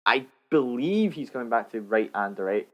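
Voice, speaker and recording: A man's voice: mid-range voice, lively intonation, moderate pace. A man co-hosting a casual film podcast, reading out the week's news in a rambling, hesitant way with many fillers. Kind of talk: casual chat.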